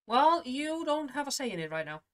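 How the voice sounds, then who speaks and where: A woman's voice: sits high, big pitch swings, brisk, heavy background noise. A young woman hosting a film reaction video, commenting emotionally and talking back to the screen.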